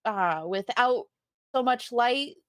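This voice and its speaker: A woman's voice: a little high, slow pace, a bit bright, smooth, no room sound, studio quality. A woman playing a tabletop game, laughing often as she describes her character's actions. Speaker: player. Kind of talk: casual tabletop game play.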